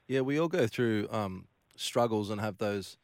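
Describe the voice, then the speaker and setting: A male podcast host asking interview questions in a soft-spoken way that trails off quietly. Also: lowish voice, animated, unhurried, dry recording.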